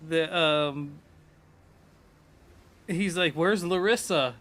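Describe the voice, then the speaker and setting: A man's voice: fairly high pitch, normal speed, bright, forceful tone. A man streaming, retelling a game's story in casual, rambling, profane chat full of quoted lines.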